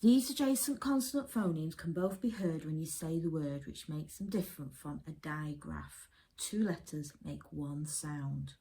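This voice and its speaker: A woman teacher from England giving a phonics lesson to young children and their parents, sounding out letters slowly and carefully. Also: sits low, mellow, husky. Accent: English. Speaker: primary school teacher.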